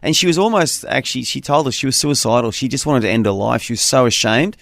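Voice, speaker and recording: Radio host, male, mid-pitched, conversational storyteller, dry close studio sound. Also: creaky, no echo. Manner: warm conversational storyteller, slows to repeat phone number. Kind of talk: call-in radio talk.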